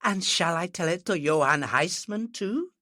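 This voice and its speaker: A narrator voicing a bitter young actress who taunts her father in a quiet, cold, mocking voice. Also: fairly low pitch, lively intonation, a little slow, no room sound, clean studio sound, voice pushed up. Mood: cold taunting. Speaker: actress, Otto's daughter.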